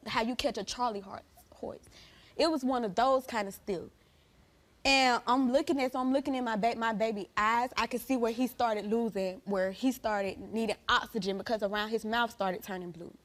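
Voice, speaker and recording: A young woman with a high-pitched voice speaks on a television talk show stage. She is grieving and pleading, and her voice rises into loud accusation. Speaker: guest. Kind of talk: emotional talk show testimony.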